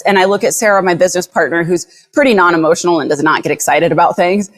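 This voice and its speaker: A woman who runs a dog rescue, telling a story as a podcast guest in an animated, blunt way, swearing freely. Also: fairly low pitch, fast talker, hardly any pauses.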